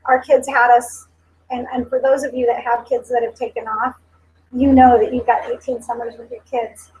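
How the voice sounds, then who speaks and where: A woman in her forties addresses a company sales meeting with an earnest motivational speech, using a slightly high, husky, darkish voice with flat delivery at normal speed over poor audio. She's emotional, sometimes tearful, and stresses her points by repeating them.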